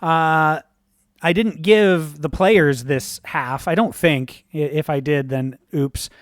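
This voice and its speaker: Slow, easygoing game master, dry close sound. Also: mid-range voice, no room sound. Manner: relaxed, upbeat, lots of "uh" fillers, casual swearing. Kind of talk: improvised tabletop game narration.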